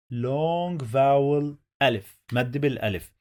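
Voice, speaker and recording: A male teacher giving a beginners' reading lesson at a very unhurried pace, with a mid-range voice. He breaks words into syllables and repeats each sound patiently so learners can follow along. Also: mid-range voice, sing-song, no room sound, studio quality.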